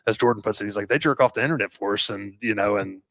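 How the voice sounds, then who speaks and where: Casual storytelling man with low voice. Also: fast talker, fairly bright tone, no room sound. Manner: rambling, many fillers and restarts, swears casually. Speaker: podcast co-host and landscaping business owner.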